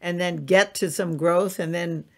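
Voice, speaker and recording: A woman's voice: lowish voice, fairly even intonation, a little slow, gravelly. A woman hosting a podcast in casual conversation, effusive and emphatic, acting out quotes in a raised voice. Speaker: podcast host.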